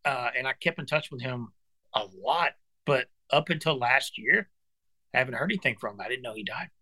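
A man in his forties, a musician guest on a podcast, telling animated stories to an old friend. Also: medium pitch, fairly quick, dry recording. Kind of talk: casual chat, storytelling.

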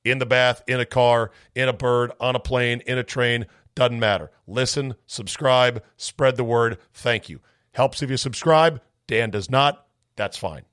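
A man hosting a podcast, reading listener mail in a wry, sarcastic, rambling way, his voice slightly hoarse. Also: mid-range voice, a little slow, a bit bright, dry recording, clean studio sound. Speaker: podcast host.

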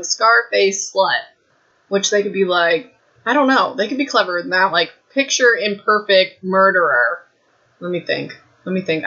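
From a room at home, a young woman hosts a casual book recap podcast, chatty and rambling with self-deprecating asides. Her medium-pitched voice has a sharp tone, and the desk mic recording sounds muffled.

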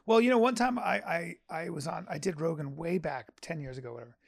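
Gravelly-voiced man in a dry close recording. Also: a little high, dry recording. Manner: rambling, halting restarts, earnest, swears. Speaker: stand-up comedian and podcaster. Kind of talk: casual podcast chat.

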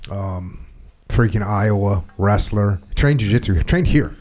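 A man with a very deep voice hosts a podcast interview. His tone is dark and husky. He talks bluntly and tersely, with casual swearing. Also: unhurried. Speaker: podcast host.

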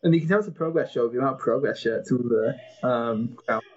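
A man's voice: medium pitch, brisk, dull audio. A man co-hosting a casual watchalong podcast, chatty and knowledgeable, laughing often. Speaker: podcast co-host.

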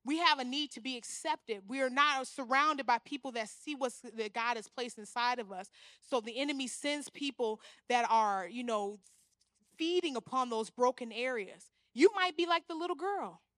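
A young woman preaching a sermon, animated, often acting out the voices she quotes. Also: sits high, normal speed, dry recording, studio quality. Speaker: guest speaker.

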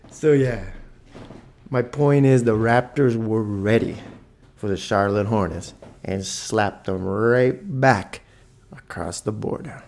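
A man hosting a podcast, telling a story in a lively, profane way with punchy sound effects. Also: lowish voice, takes it slowly, gravelly, long pauses. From Toronto, Canada. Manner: animated, swears freely, adds punchy sound effects. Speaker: podcast host. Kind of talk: casual storytelling monologue.

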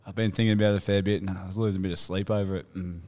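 A man's voice: deep voice, racing. An Australian man on a podcast with his mates, telling a long joke as if it were his own story, acting out the other voices and swearing freely. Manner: animated, acts out dialogue in a funny story, swears. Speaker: podcast co-host.

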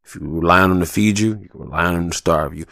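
A man's voice: low voice, fast, gravelly, bright, forceful tone, dry recording, studio quality. A young adult man hosting a solo podcast, talking in a passionate, profane rant full of slang. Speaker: podcast host.

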